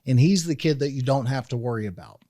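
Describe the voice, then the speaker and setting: A man's voice: mid-range voice, fast talker, warm tone, dry recording, clean studio sound. A middle-aged man hosting a parenting podcast, telling a family story in a casual, rambling way with many restarts. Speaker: podcast host.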